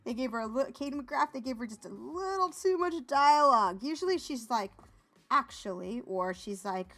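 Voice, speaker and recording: Bright-voiced sarcastic woman podcaster. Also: sits high, fairly quick. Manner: animated, sarcastic, laughing often. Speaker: podcast co-host. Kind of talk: casual chat.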